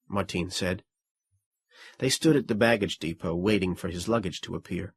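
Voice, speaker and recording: Male audiobook narrator: husky, measured, middle pitch, dry close sound. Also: no room sound. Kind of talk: scripted narration.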